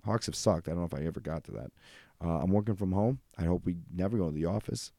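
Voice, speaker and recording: A man's voice: low voice, fast talker, gravelly, warm tone, no room sound, studio quality. A young adult man hosting a casual solo podcast, rambling loosely and swearing freely. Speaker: podcast host.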